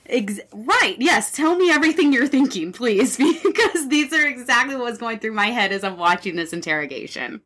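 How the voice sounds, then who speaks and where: Bright-voiced woman retelling a story. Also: a little high, very animated, normal speed, hardly any pauses. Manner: retells a story with many "like" fillers. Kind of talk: casual storytelling chat.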